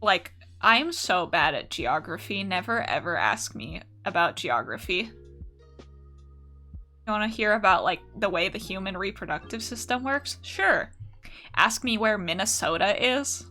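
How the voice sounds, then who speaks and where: Young american woman streaming art, chatty and sweary, bright voice, faint music in the back. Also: medium pitch, big pitch swings, a little slow. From United States. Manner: chatty and profane, answering chat. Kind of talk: casual live-stream chat.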